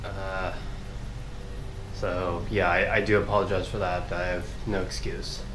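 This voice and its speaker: A man with a congested, nasal voice, talking to camera in a halting, apologetic way with many fillers. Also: sits low, little pitch movement, background noise. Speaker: car hobby vlogger. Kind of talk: casual to-camera talk. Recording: echoey room.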